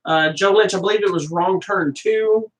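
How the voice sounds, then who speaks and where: A high-voiced man co-hosts a casual movie review podcast at normal speed, rambling, joking and often correcting himself mid-sentence. He's off-mic, so the sound is distant and roomy.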